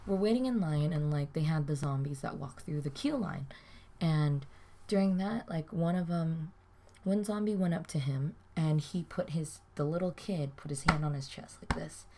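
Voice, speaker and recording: A woman's voice: deep voice, normal speed, darkish tone, slight background noise. A young woman, telling a rambling, swear-filled weekend story in a casual vlog, full of "like"s. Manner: rambling, swears a lot, many "like"s. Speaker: vlogger.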